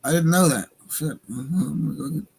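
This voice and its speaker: Native American man, livestream host, slightly high voice, rambling and profane, faint background hiss. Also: fast talker, creaky, darkish tone, rough recording. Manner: rambling, profane, laughs at his own jokes. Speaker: livestream radio show host. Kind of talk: casual livestream commentary.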